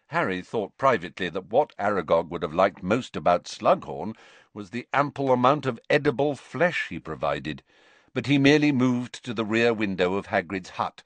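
A man narrating an audiobook in an expressive, dramatic reading. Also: lowish voice, dry recording.

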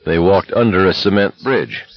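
A man reading a novel aloud as an audiobook narrator, in a steady, even manner. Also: deep voice, normal speed, no room sound, muffled recording.

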